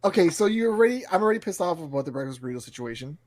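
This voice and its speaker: A man in his thirties tells a story on a podcast and acts out every exchange, laughing as he goes. His voice sits a little high. The recording is dry and close to the mic. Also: lively intonation, rapid-fire, no echo. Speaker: podcast co-host. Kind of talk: casual chat.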